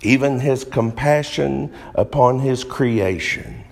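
A man's voice: medium pitch, takes it slowly, gravelly, darkish tone. A man preaching a sermon in a church hall, earnest and emphatic, drawing out phrases as he reads scripture.

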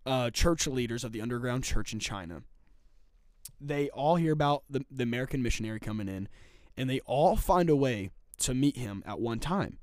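A man's voice: medium pitch, animated, moderate pace, a little mellow, no room sound. A man co-hosting a casual faith podcast, telling a story emphatically with repetition and swings in intensity.

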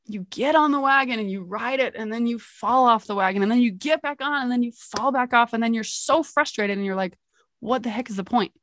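A woman's voice: fairly high pitch, a little fast, hardly any pauses, a bit bright. A young adult woman hosting a motivational podcast, telling a story with energy and laughing at herself. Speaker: podcast host.

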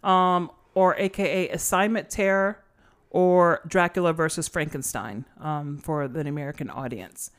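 A woman's voice: sits low, normal speed, clean tone. A woman co-hosting a casual film podcast, talking in a rambling way with many fillers and restarts. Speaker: podcast co-host. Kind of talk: casual chat about a film.

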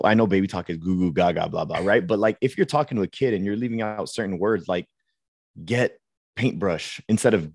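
A man co-hosting a podcast, asking his co-host questions in a relaxed, conversational way. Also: on the low side, no room sound, clean studio sound. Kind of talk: casual podcast chat.

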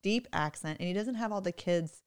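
Casual mom talking on a podcast, smooth clear voice, lively, lots of laughing. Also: female voice, on the low side, brisk. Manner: chatty, animated, laughs often. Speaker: podcast co-host, mother. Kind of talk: casual chat.

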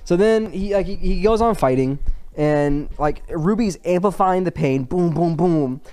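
Young man, podcast host, casual rambling storytelling, slightly high pitch. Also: measured pace, mellow, smooth. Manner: rambling, filler-heavy storytelling. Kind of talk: casual chat.

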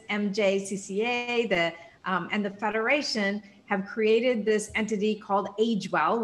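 Upbeat Minnesotan woman. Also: medium pitch. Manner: energetic, smiling, upbeat. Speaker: nonprofit CEO, podcast guest. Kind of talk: conversational interview.

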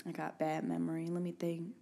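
A woman's voice: fairly low pitch, monotone, brisk, vocal fry, dark tone. A young woman, co-hosting a podcast in casual, slangy banter with lots of laughter. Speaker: podcast co-host.

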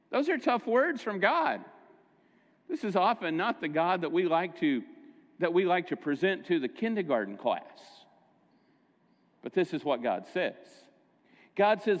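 A man's voice: high voice, very animated, unhurried, pauses often, long reverb tail. A middle-aged man preaching a sermon as pastor, telling stories in a conversational way and correcting himself as he goes. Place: church sanctuary.

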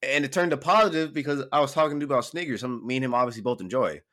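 A man co-hosting a podcast, telling a story in casual chat, animated and swearing freely, getting over a cold. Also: mid-range voice, rapid-fire. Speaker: podcast co-host.

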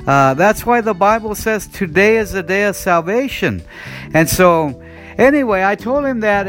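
This man from the United States has a high, slightly bright voice as he preaches a sermon. He shares a personal testimony in an earnest, storytelling way, often restarting with "and, uh." Faint guitar music plays in the background.

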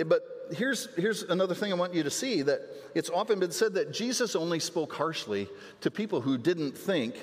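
A man preaching a sermon as pastor, earnest, often repeating words as he restarts a phrase. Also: a little high. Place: church sanctuary. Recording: long church hall reverb.

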